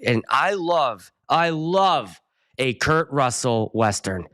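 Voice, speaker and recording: A Pittsburgh-area man who works as a wedding DJ hosts a casual live stream, rambling excitably from one topic to the next. His voice is a little high, and he takes things slowly.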